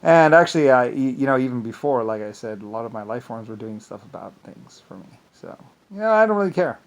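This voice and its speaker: A man with a gravelly, fry-heavy voice at an ordinary pitch, talking in an angry, rambling monologue. He restarts and repeats himself often, and his volume swings between loud bursts and low mutters. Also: lively intonation, a little fast, dull audio. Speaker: vlogger.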